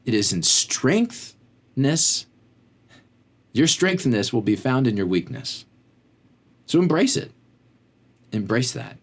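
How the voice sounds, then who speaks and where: A man's voice: medium pitch, sing-song, slow pace, pauses often, breathy edge. A man hosting a faith-based motivational talk, conversational and rambling, often drifting off on tangents. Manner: conversational, fills with "like". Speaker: podcast host.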